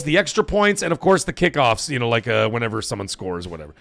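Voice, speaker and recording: A man's voice: medium pitch, big pitch swings, fast talker, gravelly, few pauses, a bit bright, no echo, faint music behind. A man hosting a casual live stream, rambling, swearing and saying "like" a lot. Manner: rambling, swears, heavy use of "like". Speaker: livestream host.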